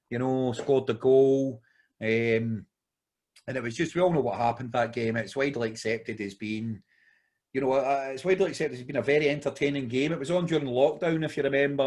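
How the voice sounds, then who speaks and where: A man's voice: mid-range voice, darkish tone. A Scottish man co-hosting a podcast, rambling through a long story in casual chat and calling his friend mate. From Scotland. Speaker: podcast co-host.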